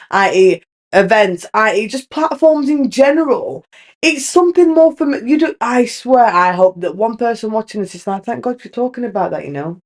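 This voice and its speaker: Young woman, solo podcast host, candid rambling chat, fairly high voice. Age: young adult. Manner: rambling, candid, restarts often.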